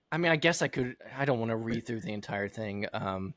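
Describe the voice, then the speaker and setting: A man's voice: fairly low pitch, expressive, normal speed, a bit bright, no echo, studio quality. A man co-hosting a podcast in casual chat, laughing often and swearing freely as he reads through quotes. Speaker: podcast co-host.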